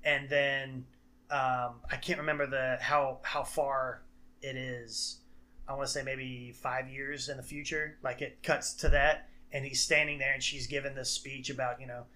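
A man's voice: mid-range voice, little pitch movement, measured pace, sharp tone. A man co-hosting a casual podcast, recapping a film plot in a rambling way, full of fillers and restarts. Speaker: podcast co-host. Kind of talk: casual chat.

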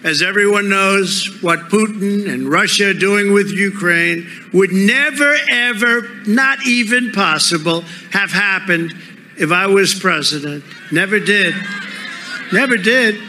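A man giving a rally speech into a podium microphone, emphatic and repetitive, with bursts of shouting. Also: sits high, a little hiss or hum. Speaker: political speaker. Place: large rally venue.

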